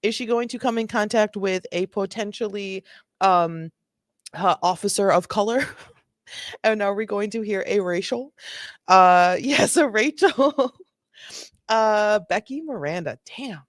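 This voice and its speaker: A woman's voice: medium pitch, a little slow, dry recording, clean studio sound. A woman hosting a chatty, joking reaction commentary, laughing often. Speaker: host.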